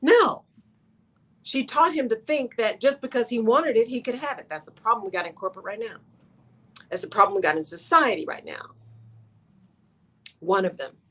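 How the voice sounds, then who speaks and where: A woman's voice: a little high, normal speed, long pauses, fairly bright tone, husky. A woman hosting a talk radio show, speaking in an emphatic monologue that repeats its key phrases and keeps checking in with "right?".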